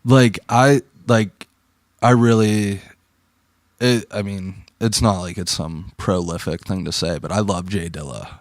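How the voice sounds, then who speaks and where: A man's voice: low-pitched, a little slow, no echo, studio quality. A young man from Pittsburgh telling stories in a casual chat as a podcast guest, laid-back and slangy, full of "like" and "dude".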